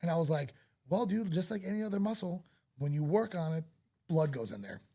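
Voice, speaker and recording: A man hosting a loose podcast, telling crude stories with a joking edge. His voice sits high for a man, with a gravelly fry and a husky texture. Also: lively intonation, brisk, warm tone. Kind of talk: casual podcast chat.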